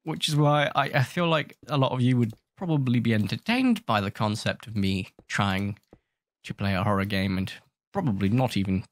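A man's voice: lowish voice, normal speed. A man hosting a gaming channel, giving rambling, jokey, self-mocking commentary while he scolds the creatures in his game. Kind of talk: casual gameplay commentary.

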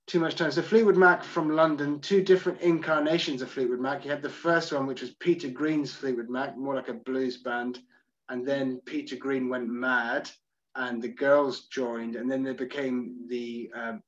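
A man's voice: medium pitch, highs cut off. A man from Scotland hosting an online music tour, chatting loosely as he reads out and answers viewer comments. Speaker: host. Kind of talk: answering live chat questions.

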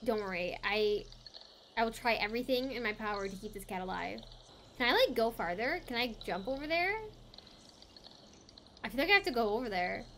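A woman streamer giving excitable, gasping commentary as she plays a game live and chats to her viewers. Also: fairly high pitch, fairly quick, pauses often, slight background noise. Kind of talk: live let's play commentary. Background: game music.

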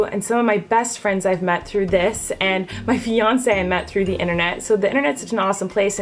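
A woman in her twenties chatting casually to camera in a vlog, bubbly and animated, with her pitch jumping up when excited. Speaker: vlogger.

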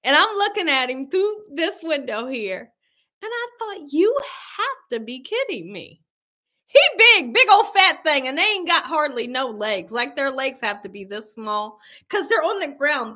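A woman telling a story to her viewers on a casual livestream, animated and exclamatory, calling them y'all. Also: high voice. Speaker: cooking channel host.

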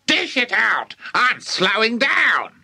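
A man's voice: very high voice, wildly swooping pitch, takes it slowly, sharp tone, husky, voice pushed up, full character voice. A man reading an audiobook, voicing a wild, greedy old grandmother who screeches and shrieks her lines. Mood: demanding. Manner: shrieking, giddy, demanding.

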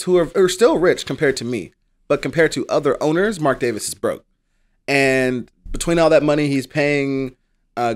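Male co-host, casual and wry, mid-range voice. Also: mid-range voice. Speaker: podcast co-host. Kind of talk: casual sports podcast chat.

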